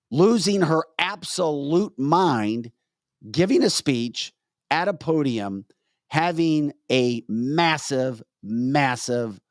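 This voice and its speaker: A man's voice: fairly high pitch, dry recording, clean studio sound. A man hosting a casual political talk show, talking animatedly and reading out viewer comments. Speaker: host.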